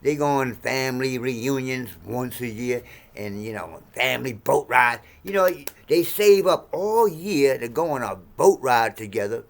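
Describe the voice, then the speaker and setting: A man in his sixties ranting to camera in a profane, heated monologue, swinging between low mutters and sudden shouts. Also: lively intonation, measured pace, vocal fry, hardly any pauses. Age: 60s. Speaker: vlogger.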